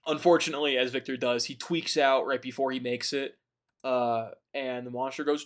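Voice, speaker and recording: A man talking casually with friends, mid-pitched and easygoing, who retells a book in a profane, joking way. He keeps breaking into loud, mocking voices for the characters. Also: normal speed. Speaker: podcast host. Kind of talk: casual chat.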